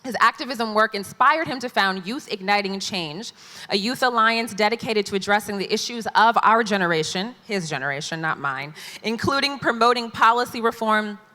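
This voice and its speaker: Woman panel moderator, chatty and playful, bright voice, long hall reverb. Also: mid-range voice, animated, normal speed. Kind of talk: live panel introductions. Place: large conference hall stage.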